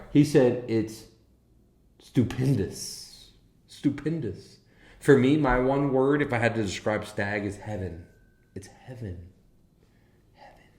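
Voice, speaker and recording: This whiskey livestream host has a fairly low voice that sounds reverberant. He keeps things casual and excited, cussing freely while chatting with his viewers.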